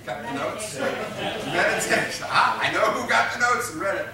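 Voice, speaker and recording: A man's voice: high voice, lively intonation, normal speed, noisy background. A man preaching a sermon, emphatic and repetitive, drawing responses from his congregation. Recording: echoey room picked up from a distance.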